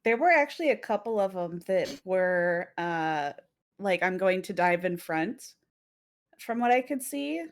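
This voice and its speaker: A woman's voice: fairly low pitch, expressive, a little slow. A woman co-hosting a casual chat about a horror game, talking animatedly, swearing and laughing often. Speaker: co-host.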